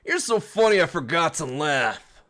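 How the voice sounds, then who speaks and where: A man's voice: a little high, big pitch swings, moderate pace, fairly bright tone. A man putting on a cocky British gang thug. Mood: taunting. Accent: put-on British, rough. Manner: taunting, swaggering. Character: brash male street-gang thug, cocky and mocking.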